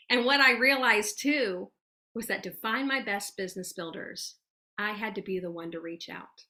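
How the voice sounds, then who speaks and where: Bright-voiced, chatty woman giving a pep talk. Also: a little fast. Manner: chatty and earnest, folksy "you guys" and "y'all"; acts out sample messages in a soft, lowered voice. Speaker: network marketing speaker. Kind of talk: motivational team call talk.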